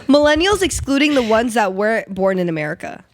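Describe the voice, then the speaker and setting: A young woman chatting casually as a podcast co-host, with a slightly high voice recorded close and dry. She rambles through lots of fillers and turns to playful teasing. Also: sing-song, brisk, no room sound. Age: young adult. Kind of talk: casual chat.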